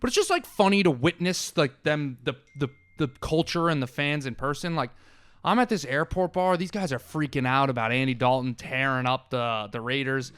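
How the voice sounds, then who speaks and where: A man's voice: medium pitch, moderate pace, fairly bright tone, smooth, dry recording. A man co-hosting a sports podcast, telling stories animatedly with lots of fillers in a studio. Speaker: podcast co-host. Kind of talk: casual chat.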